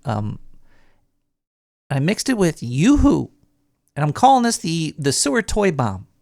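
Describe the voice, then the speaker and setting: A jittery, paranoid sewer rat hosting his own late-night call-in show, as a man puts on the voice. His mid-pitched voice is gravelly with a creaky edge, and he rambles and restarts his sentences. The sound is dry and close, with no room around it. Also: wildly swooping pitch, measured pace, darkish tone, dry recording, full character voice. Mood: rambling. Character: paranoid male cartoon sewer rat host. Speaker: radio show host.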